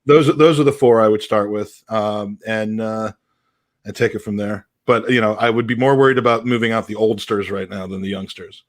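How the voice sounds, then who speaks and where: A man's voice: fairly low pitch, steady tone, normal speed. Laid-back man thinking aloud. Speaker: podcast panelist. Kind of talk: casual football chat.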